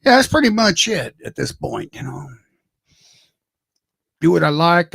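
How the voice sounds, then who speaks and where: A man's voice: fairly high pitch, sing-song, normal speed, vocal fry, fairly bright tone, husky, dry recording. An older man hosting a casual livestream, rambling, joking and greeting viewers by name. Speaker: livestream host.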